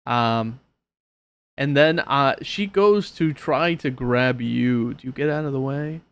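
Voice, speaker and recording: A man's voice: medium pitch, slow. Hesitant man running a tabletop game. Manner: hesitant, lots of uh and um. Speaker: game master.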